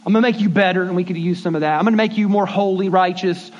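Male pastor, high-pitched, relaxed conversational sermon delivery with stutters and acted-out dialogue; muffled lo-fi recording. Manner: conversational, repeats words, acts out quick dialogues. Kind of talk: casual sermon. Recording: dull lo-fi sermon audio.

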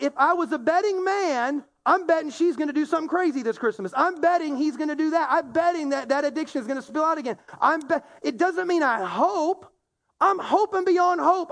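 A pastor preaching a conversational sermon, acting out quoted complaints and talking directly to a laughing congregation. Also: male voice, extremely high pitch. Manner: animated, acts out quoted complaints in a raised voice.

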